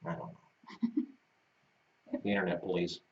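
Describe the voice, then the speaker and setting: A man's voice: sits low, little pitch movement, unhurried, a little hiss or hum. A man co-hosting a casual live stream from a home studio, teasing and self-deprecating as he chats. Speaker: co-host of a ranch live stream. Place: seated on a small love seat in a home studio. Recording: dull, distant mic.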